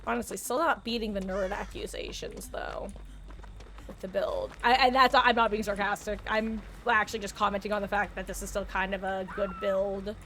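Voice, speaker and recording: Woman streamer, mid-pitched, chats loosely and thinks aloud mid-game, faint hum behind her. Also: fairly even intonation, normal speed, fairly bright tone. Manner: rambling, chatty asides to chat, thinking aloud. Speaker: livestreamer. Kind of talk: casual live gameplay commentary.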